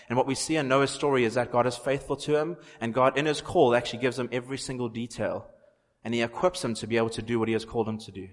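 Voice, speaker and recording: A man's voice: medium pitch, steady tone, quick pace. A man preaching a sermon in an earnest way, repeating phrases for emphasis. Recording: long hall reverb.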